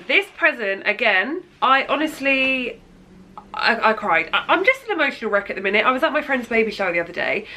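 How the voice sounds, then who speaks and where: A woman's voice: medium pitch, pushed and bright, poor audio. A thirty-year-old woman with a chatty, gushing manner, showing birthday gifts in a casual vlog. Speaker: beauty vlogger. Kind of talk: casual haul chat.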